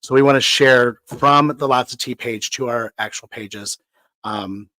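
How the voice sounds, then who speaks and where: A man co-hosting a casual talk show, chatty and excitable, often jumping up in pitch. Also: a little slow, no room sound. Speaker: co-host.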